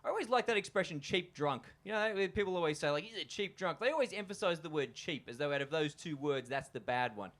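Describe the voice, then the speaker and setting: A man's voice: on the high side, animated, fast talker, hardly any pauses, fairly bright tone. A young man with an Australian accent doing a loose, chatty stand-up comedy set at a live venue, full of fillers and asides to the crowd.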